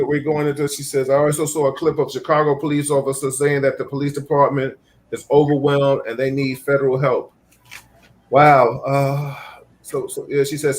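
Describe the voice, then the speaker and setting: A man hosting a casual talk show, reading out viewer comments and retelling stories with energy. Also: mid-range voice. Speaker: host. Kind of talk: casual chat.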